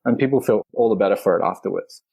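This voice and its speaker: A man, a physical therapist guest on a podcast, explaining in a reflective way with the odd soft laugh. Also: on the low side, quick pace, vocal fry, husky. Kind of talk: conversational podcast interview.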